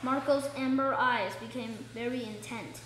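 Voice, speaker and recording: A woman's voice: on the high side, steady tone, moderate pace, fairly bright tone, reverberant, poor audio. A young woman reading a children's book aloud, stopping for chatty asides that explain the story. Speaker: book reader.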